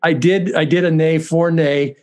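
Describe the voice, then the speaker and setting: A man's voice: a little high, steady tone, a little slow, a little mellow. A middle-aged man, a university dean, chatting as a guest in a casual interview, self-deprecating and often restarting his sentences.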